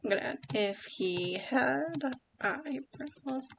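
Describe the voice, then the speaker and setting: A woman talks through her writing as she types, slow and hesitant, correcting herself as she goes. Her voice sits a little high. Keyboard clicks and a faint hiss run underneath. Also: lively intonation, creaky. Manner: soft, hesitant, self-correcting. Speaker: writing vlogger. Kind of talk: thinking aloud while typing.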